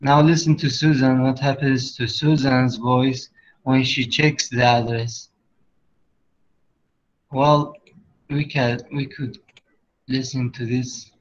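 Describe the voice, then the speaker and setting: A man teaching an English class, explaining slowly with pauses and fillers, sometimes switching to Arabic. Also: mid-range voice, steady tone, dull audio. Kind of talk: online class lesson.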